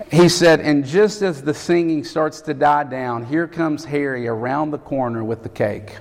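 Gravelly preacher telling a story. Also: male voice, mid-range voice. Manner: animated storyteller, acts out quotes. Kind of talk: sermon storytelling. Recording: echoey hall.

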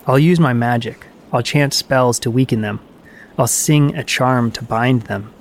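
Man reading grim old farmer-magician, vengeful, slow and brooding, storybook telling. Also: mid-range voice, slight background noise, close to an everyday voice.

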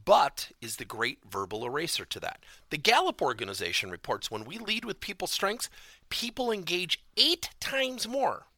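A man's voice: fairly high pitch, big pitch swings, normal speed, bright, forceful tone, dry recording, studio quality. A man giving a motivational business talk as a corporate coaching trainer, stressing key words emphatically and theatrically.

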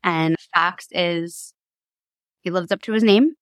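Candid chatty woman, lower voice. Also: takes it slowly, no echo. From Long Island, New York. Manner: candid and chatty, laughs easily. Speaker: podcast guest. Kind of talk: casual storytelling.

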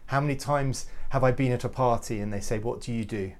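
A man giving an earnest, reflective devotional talk to youth leaders, often halting and repeating words as he goes. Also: medium pitch. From United Kingdom. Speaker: youth ministry speaker.

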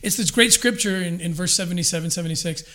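High-voiced man telling an animated story. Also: fast talker. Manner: energetic storyteller, acts out quotes with restarts. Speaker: guest discussing scripture and history. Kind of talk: animated conversational explanation.

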